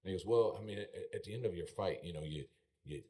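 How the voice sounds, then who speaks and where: A man's voice: deep voice, quick pace, slight background noise. A middle-aged man, a former rodeo bullfighter, telling stories in a podcast studio and acting out the exchanges he quotes. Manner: animated storyteller, acts out quoted exchanges. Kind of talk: casual storytelling.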